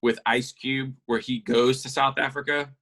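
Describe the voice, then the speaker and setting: A laid-back man co-hosting a casual film podcast. His pitch sits in the middle, and he talks easily and unhurriedly. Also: little pitch movement, normal speed, a bit bright. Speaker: podcast co-host. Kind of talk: casual chat.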